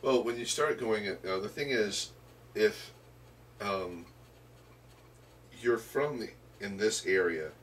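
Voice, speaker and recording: Halting, low-voiced man off-mic. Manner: halting, full of restarts and fillers. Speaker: podcast co-host. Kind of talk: casual wrestling history chat. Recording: distant mic with faint room noise.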